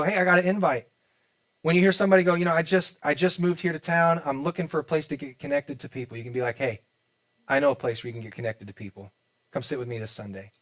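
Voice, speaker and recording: A Midwestern American man in his forties preaching in a church auditorium, his voice sitting a bit high for a man. He talks like he is chatting with friends, joking and acting out little quotes, and often restarts his sentences. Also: a bit bright. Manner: conversational and joking, with many restarts and acted-out quotes. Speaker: pastor. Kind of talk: sermon.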